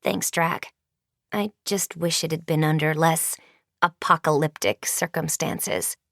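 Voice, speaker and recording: A woman reading an audiobook, voicing a gloomy teenage girl who talks in a low, downcast way. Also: steady tone, unhurried, a bit bright, no echo, clean studio sound. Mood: glum.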